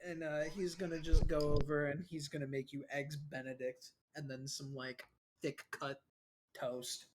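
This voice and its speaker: A man narrating his tabletop game moves in loose, slangy storytelling. His voice is pitched high for a man. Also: little pitch movement, moderate pace. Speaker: player.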